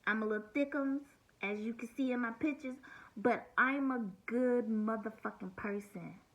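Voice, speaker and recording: A woman's voice: on the high side, normal speed, rough recording. A woman in her forties, blunt and swearing, venting through a hurt, near-tearful personal vlog monologue. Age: 40s. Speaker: vlogger.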